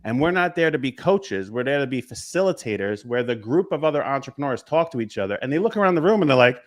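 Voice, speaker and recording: Emphatic business coach from New York. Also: male voice, mid-range voice, very animated. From Long Island, New York. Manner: emphatic, quick lists of short phrases. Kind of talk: casual talk show conversation.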